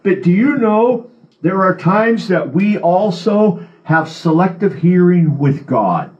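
A man delivers a sermon from a church podium, his voice sitting noticeably high. He preaches earnestly, leaning on repeated phrases to drive each point home. The recording is slightly dull and muffled. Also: big pitch swings, takes it slowly. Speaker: pastor.

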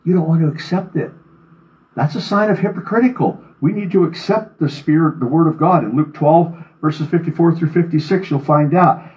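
A man's voice: on the high side, normal speed, darkish tone, lo-fi sound. A man preaching a sermon, reading scripture aloud with rising fervor and then speaking plainly to his congregation. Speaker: pastor.

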